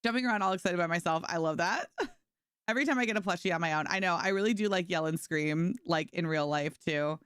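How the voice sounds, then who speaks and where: A woman's voice: on the low side, fairly quick, fairly bright tone, clear, resonant tone, no echo, clean studio sound. A young woman streamer chatting casually and bubbly with her viewers while she plays a game. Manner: bubbly, talks to chat and her dog, lots of "like". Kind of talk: casual live-stream chat.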